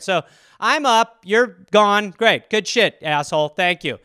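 A man hosting a podcast, riffing casually and profanely, rambling through stories and dropping into quick impressions. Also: high voice, lively intonation, pushed and bright, clear, resonant tone, no echo, clean studio sound. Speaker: podcast host. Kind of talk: casual solo comedic riffing.

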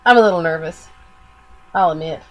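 A woman's voice: low voice, a little fast, dull audio. A woman co-hosting a podcast in casual chat, rambling with many fillers while she is losing her voice from a cold. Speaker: podcast co-host.

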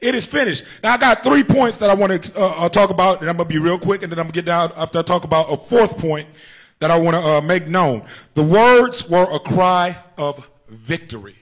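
A man preaching with a high-pitched, fervent voice. He repeats his phrases, calls out to the congregation, and sometimes lifts into a shout as he drives his sermon home. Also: expressive, fairly quick. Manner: rises to shouts at times. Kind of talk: Good Friday sermon.

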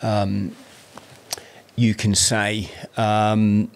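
A man's voice: on the low side, extremely slow, vocal fry. Rambling English man telling stories. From South-East London. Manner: rambling, animated, swears, many restarts. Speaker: podcast guest. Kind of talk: casual storytelling.

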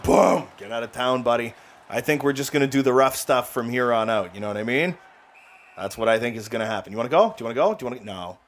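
A young man hosting a gaming channel, giving excitable play-by-play that swings into rants and jokes. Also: mid-range voice. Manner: excitable play-by-play, ranting and joking. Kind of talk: live gameplay commentary.

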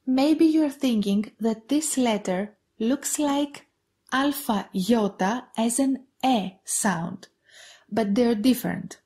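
A woman with a Greek accent teaching pronunciation on a podcast, saying each example word slowly and repeating it twice. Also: on the high side, warm tone. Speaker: Greek language tutor. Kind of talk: podcast lesson.

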